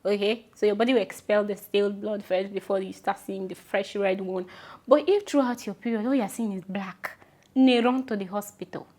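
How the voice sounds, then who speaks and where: A woman's voice: mid-range voice, normal speed, a little mellow. Chatty Nigerian woman giving advice. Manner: chatty, affectionate, repeats instructions emphatically. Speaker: vlogger. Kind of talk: casual advice talk to camera.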